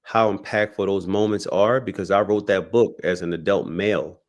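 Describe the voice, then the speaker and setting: A man's voice: sits low, fairly even intonation, moderate pace. A man talking as a podcast guest, telling a personal story in a reflective way with many restarts. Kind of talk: casual conversation.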